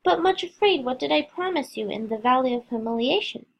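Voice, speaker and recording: Woman reads a kind shepherd man, cheery and reassuring, somewhat high voice. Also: lively intonation, a little fast, creaky, full character voice. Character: kind cheerful male shepherd, gentle and strong.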